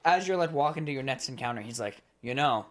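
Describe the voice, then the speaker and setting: A man co-hosting a podcast in casual chat, animated and profane, retelling stories with bursts of laughter. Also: mid-range voice, fast talker. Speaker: podcast co-host.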